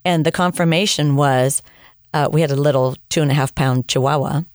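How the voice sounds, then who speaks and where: Speaking briskly as a guest in an interview, a low-voiced woman from the United States shares personal testimony. Her storytelling is lively, with quoted dialogue performed aloud, captured in clean studio sound free of room noise.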